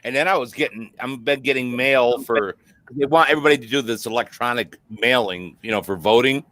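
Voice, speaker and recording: Bright-voiced man ranting on a stream. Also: mid-range voice, fairly quick, dry recording. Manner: profane, rambling, heated. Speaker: host. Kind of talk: casual live stream chat.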